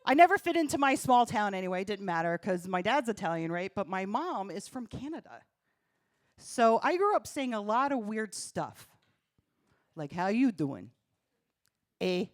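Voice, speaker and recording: A woman's voice: mid-range voice, sing-song, normal speed, no echo, studio quality. A woman from New doing stand-up comedy on a comedy club stage, punchy and self-deprecating, talking straight to the crowd. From New Jersey.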